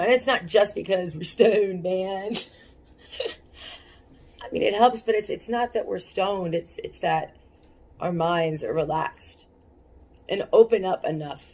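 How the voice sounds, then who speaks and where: A woman's voice: mid-range voice, lively intonation, slow pace, pauses often, a little mellow. A young woman hosting her own cannabis activism webcast from a small home setup, talking earnestly to viewers, moved and stumbling over her words. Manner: emotional, earnest, restarts often. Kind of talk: casual webcast talk to viewers.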